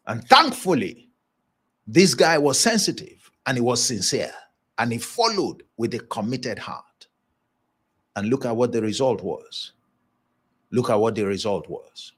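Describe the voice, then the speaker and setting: This is a man speaking on leadership in a motivational broadcast. His mid-pitched voice rises and falls a great deal as he preaches, and he repeats lines for emphasis. He chuckles at his own asides. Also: very animated, a little slow, pauses often, breathy edge.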